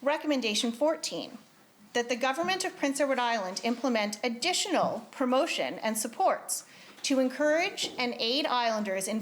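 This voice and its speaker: A woman presenting a committee report in a legislature, reading in a formal, earnest way. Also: fairly high pitch. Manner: earnest, grows emotional. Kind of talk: formal legislative speech, read aloud. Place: legislative chamber.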